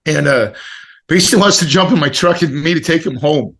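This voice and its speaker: A middle-aged man on a podcast, telling a personal story in a casual, animated way and acting out the people he quotes. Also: fairly high pitch, a little fast. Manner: animated, acts out quoted dialogue. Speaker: podcast guest.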